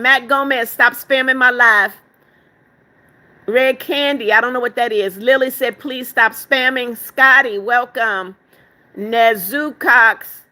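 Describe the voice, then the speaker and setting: A woman's voice: fairly high pitch, bright, forceful tone. A woman hosting a casual live stream, reading viewer comments aloud, greeting each person by name, calling them "darling", and firmly telling spammers off. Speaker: livestream host.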